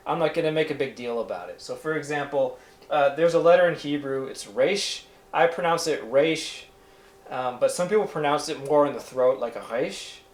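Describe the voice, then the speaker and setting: A man teaching a beginner's language course in a relaxed, rambling way, with many fillers and asides. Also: mid-range voice, echoey room. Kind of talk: casual instructional talk.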